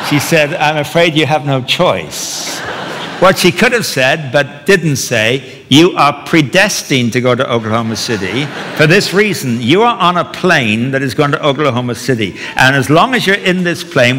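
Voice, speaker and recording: Bright-voiced preacher in a reverberant hall. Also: male voice, mid-range voice, animated, moderate pace, hardly any pauses, a little hiss or hum. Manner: storytelling with wry humor. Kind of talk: sermon.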